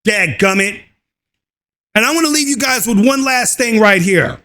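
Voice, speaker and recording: Ranting male commentator, very high and bright voice, shouty and crude. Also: animated, normal speed. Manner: loud, fired up, drawling and crude. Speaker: political commentary host.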